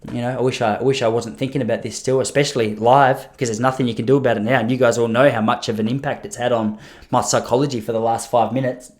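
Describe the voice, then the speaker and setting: In a steady, medium-pitched voice at a quick pace, a podcast host in his thirties delivers a casual, comedic monologue on his own. His stories meander, laced with jokes at his own expense.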